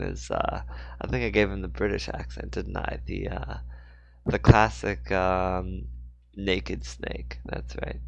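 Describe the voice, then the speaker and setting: A man's voice: on the low side, gravelly, no room sound. A man reading his own book aloud in a casual way, breaking off for rambling, jokey asides.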